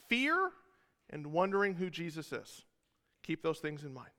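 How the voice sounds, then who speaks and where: Male pastor, high clear voice, casual sermon with jokes, long church reverb. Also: animated, moderate pace, pushed and bright. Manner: casual, joking asides to the congregation. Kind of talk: sermon with scripture retelling.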